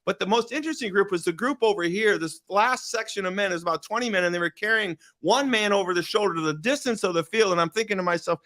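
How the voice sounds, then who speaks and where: A middle-aged man from Michigan, a podcast guest, telling a story with passion, repeating words for emphasis and pausing for drama. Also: high voice, fairly bright tone, no room sound, studio quality. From Michigan, USA. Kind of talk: emotional storytelling in conversation.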